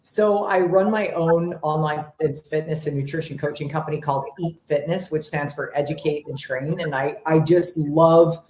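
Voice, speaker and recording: Low-voiced, enthusiastic woman fitness coach. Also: moderate pace, hardly any pauses, a little mellow, roomy sound. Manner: enthusiastic, emphatic. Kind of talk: casual interview talk.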